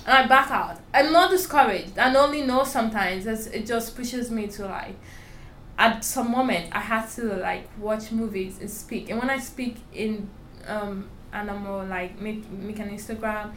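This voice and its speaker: A woman's voice: medium pitch, moderate pace, a bit bright, slight background noise. A young woman with a strong foreign accent, telling her story candidly and emphatically in an interview. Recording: roomy echo with faint ambience.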